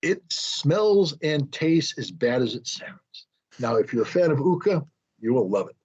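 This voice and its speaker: An American man appearing as an interview guest tells a rambling, self-deprecating anecdote with frequent restarts. His medium-pitched voice is expressive, a little mellow, and breathy at the edges, at a measured pace. The recording sounds dull and lo-fi.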